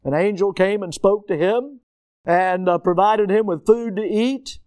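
A middle-aged man preaching a sermon, telling stories with lively rhetorical questions to his congregation. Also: high voice, measured pace, clear, resonant tone, no echo. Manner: animated storytelling with rhetorical questions. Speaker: pastor.

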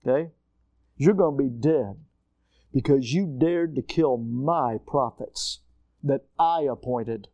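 A man voicing a scornful queen, threatening in a slow, low voice while retelling a story in a sermon. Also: warm tone, no room sound, muffled recording.

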